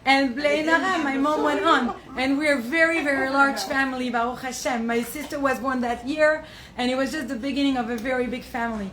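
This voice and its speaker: A woman's voice: high-pitched, fairly even intonation, fairly quick, a crowd in the background. A young woman from the south of France, teaching a Torah class to a live audience. She tells stories with animation, laughs often and mixes in Hebrew and Yiddish terms. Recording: roomy echo, faint ambience.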